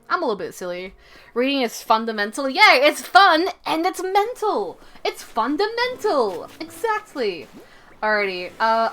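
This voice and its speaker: A woman's voice: mid-range voice, fairly bright tone, a little hiss or hum. A young woman streaming a game, chatting casually in a rambling way with lots of fillers. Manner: rambling, many fillers and restarts. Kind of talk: casual live-stream chat.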